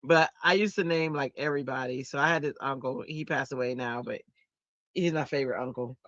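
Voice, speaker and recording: A woman hosting a crafting stream, chatting casually and telling stories in an animated way while she works. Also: a bass voice, brisk, no echo, lo-fi sound. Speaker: crafting channel host.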